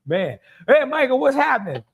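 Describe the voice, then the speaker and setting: A man's voice: very high voice, big pitch swings, normal speed, gravelly, slightly rough. A middle-aged man with a Cajun accent hosting a live cooking stream, talking in a folksy way and greeting viewers by name. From Louisiana. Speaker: cooking show host.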